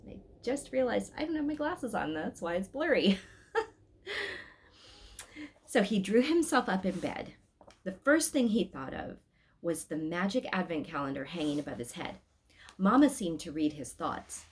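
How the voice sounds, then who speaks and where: Lively woman reading a storybook aloud. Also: fairly low pitch, normal speed. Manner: chatty, laughs between lines, lively character voices. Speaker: children's read-aloud host.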